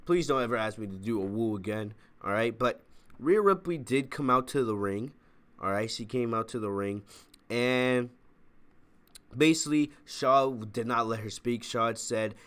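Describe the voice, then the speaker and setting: A man's voice: medium pitch, animated, normal speed, fairly bright tone. A man hosting a wrestling review channel, talking in a casual, rambling way and often checking in with "all right?".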